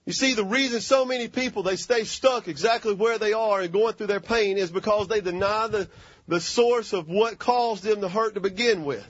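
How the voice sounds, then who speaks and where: A man's voice: high voice, normal speed, no echo, muffled recording. A man preaching a fervent sermon and calling for amens.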